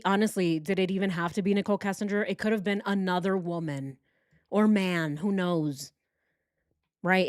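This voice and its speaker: A woman hosting a true crime stream in a loose, chatty way. She sits at a middle pitch and sounds close to the mic in a dry room. When she quotes people, she slides into mocking put-on voices. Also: no echo. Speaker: true crime show host. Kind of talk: casual live-stream commentary.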